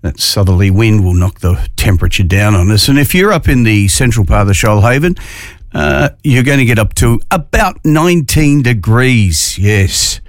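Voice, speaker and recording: Chatty Australian radio host, dry sound. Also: male voice, fairly low pitch, expressive, no room sound. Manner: chatty, jokey, drawn-out phrasing. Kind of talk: casual morning radio chat.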